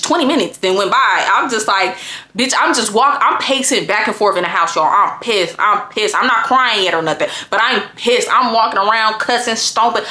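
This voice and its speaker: A woman telling a personal story to viewers in a casual, profane and animated way. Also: medium pitch, brisk. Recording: roomy echo.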